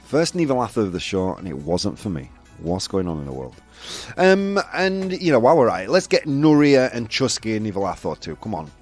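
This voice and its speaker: Over soft background music, a male host with a Yorkshire accent chats loosely on a casual live show, laughing often and using lots of fillers. His voice is on the low side and darkish in tone, brisk, with huge swings in pitch.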